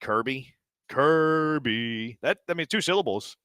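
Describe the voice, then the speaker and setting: A man's voice: mid-range voice, big pitch swings, fairly quick, sharp tone, no echo. A man hosting a sports radio show, rambling and self-mocking in casual banter, his throat a little strained.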